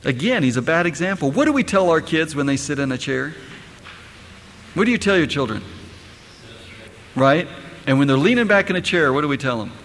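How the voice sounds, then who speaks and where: A man's voice: on the high side, very animated, brisk, long pauses, fairly bright tone, a little hiss or hum. A middle-aged man, a pastor, preaching a sermon and firing rhetorical questions at his congregation. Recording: echoey hall, faint ambience.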